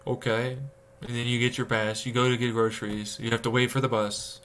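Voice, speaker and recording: Young male streamer, bright tense voice, profane ranting chat, mid pitch. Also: a little fast, a little hiss or hum. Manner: animated, profane, ranting, acting out exasperated inner voices. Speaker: livestreamer. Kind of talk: casual rant to stream chat.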